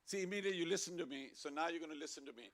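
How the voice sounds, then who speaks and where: A man gives a casual sermon in a temple hall, with a gravelly edge to his voice. He keeps it playful and lively and draws the listeners into call-and-response chanting. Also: a little high, rapid-fire. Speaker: temple speaker. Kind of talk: informal sermon to a congregation.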